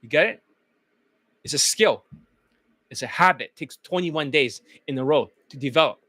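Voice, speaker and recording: A man's voice: a little high, normal speed, bright, forceful tone, no room sound. A male dating coach delivering a blunt, profane motivational monologue, chanting phrases over and over.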